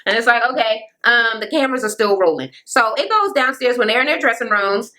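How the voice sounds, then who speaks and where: A woman's voice: a little high, animated, fairly quick, pushed and bright. A woman recapping a reality show in a blunt, profane rant, mimicking the people she quotes.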